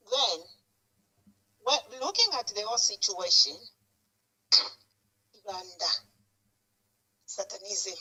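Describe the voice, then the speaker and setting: This is an anonymous woman from Zambia, with a Zambian accent, calling a radio talk show over the phone line. Her medium-pitched voice is bright and forceful, and her emotional comment comes out heartfelt and pleading, with a lot of repetition.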